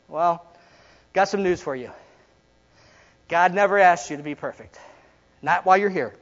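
A male pastor preaching a sermon in a church, swinging from loud emphasis to hushed, quiet lines. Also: fairly high pitch, moderate pace, long pauses, in a large hall, highs cut off. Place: church sanctuary.

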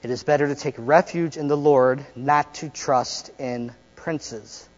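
A man with a high voice preaches to his congregation, joking and chatting one moment and drawing out slow, dramatic lines the next. His voice rings with long reverb through a church sanctuary. The recording is dull and lo-fi, with a mains hum under it. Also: fairly even intonation. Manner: conversational and joking, with dramatic pauses. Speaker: pastor. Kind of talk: sermon with call-and-response.

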